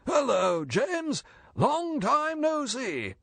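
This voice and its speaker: A man voicing a falsely hearty male chief of staff in an audiobook reading, speaking in a raised, bright voice. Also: extremely high pitch, huge pitch swings, very slow, vocal fry, no echo, voice pushed up, exaggerated voice. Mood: forced cheer.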